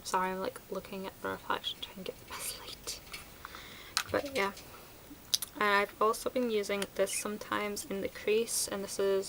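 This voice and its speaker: A woman's voice: medium pitch, fairly bright tone, a little hiss or hum, low-quality recording. A woman chatting casually through a product review, enthusiastic and sprinkled with fillers. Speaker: beauty vlogger.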